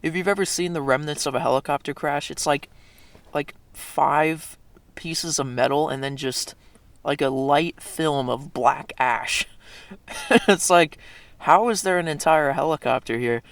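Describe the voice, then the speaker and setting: A man's voice: a little high, unhurried, fairly bright tone, no echo. A young man telling a story in a casual, rambling monologue, swearing a lot and correcting himself as he goes. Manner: profane, rambling, with frequent fillers and self-corrections. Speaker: video creator.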